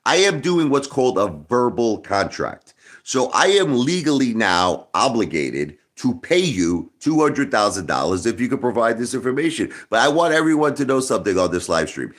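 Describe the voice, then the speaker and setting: Combative man ranting on a livestream. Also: medium pitch. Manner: combative, repeats himself, talks straight to viewers. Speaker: live stream host. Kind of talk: livestream rant.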